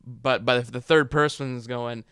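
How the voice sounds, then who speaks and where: A man with a bright, crisp voice argues his side in a relaxed podcast chat. He backs each point with an example, recorded close and dry. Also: medium pitch, a little slow, no room sound. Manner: argumentative, makes his case with examples. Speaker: podcast co-host and editor. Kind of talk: casual chat.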